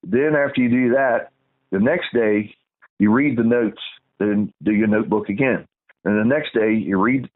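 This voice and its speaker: A middle-aged man tells a long story in casual talk. He rambles, restarts often and gets heated as he goes. His voice comes through a tinny, phone-like channel. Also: on the low side.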